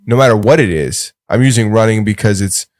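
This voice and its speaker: A man's voice: on the low side, fairly quick, a little mellow, no echo, clean studio sound. A man co-hosting a podcast, rambling and arguing in casual, profane chat. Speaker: podcast co-host.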